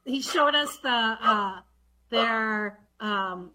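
A woman's voice: mid-range voice, fairly even intonation, measured pace, very noisy. A woman who serves as a state legislator, talking casually with lots of ums and restarts. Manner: rambling with many fillers and restarts. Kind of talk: casual conversation.

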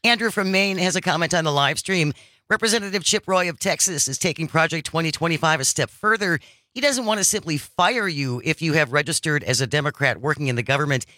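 A man hosting a live-streamed political talk show, energetic and steering the conversation. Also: fairly high pitch, fast talker, no room sound. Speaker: host.

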